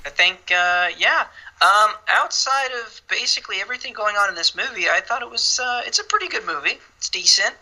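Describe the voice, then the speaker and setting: A man's voice: sits high, a little fast, sharp tone, rough recording. A man co-hosting a podcast, chatting casually about movies with a sarcastic, joking manner. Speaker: podcast co-host.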